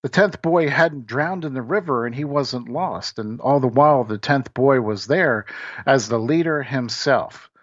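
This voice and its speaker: A man hosting a talk show, telling a parable in a relaxed, conversational way with everyday fillers, then reflecting on its meaning. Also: medium pitch, unhurried, dry recording. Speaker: podcast host. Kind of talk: storytelling and reflection. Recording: dull, dry lo-fi recording.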